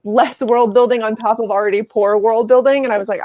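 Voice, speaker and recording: Woman hosting a book club livestream, kinda high voice, chatty, swears a bit, dry close sound. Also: fairly even intonation, a little fast, a little mellow, dry recording. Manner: chatty, swears casually, acts out quotes. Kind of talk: casual livestream book discussion.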